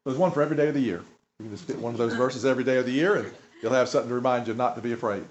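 A man's voice: mid-range voice, very fast, muffled recording. A man preaching a conversational sermon to a congregation, in a folksy way, asking them questions as he goes. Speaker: pastor.

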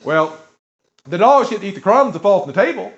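A man preaching a sermon with a lively, swooping voice that sits a little high, retelling stories with emphatic asides and chuckles. The recording sounds dull and lo-fi. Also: a little fast. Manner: animated, emphatic storytelling with chuckles and asides to the audience.

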